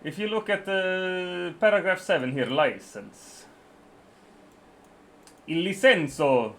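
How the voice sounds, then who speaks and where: A man's voice: sits high, big pitch swings, measured pace, gravelly, fairly bright tone. A man streaming live, reading terms of service aloud in casual chat, swearing and joking, stumbling and restarting his sentences. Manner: profane, joking, stammers and restarts often.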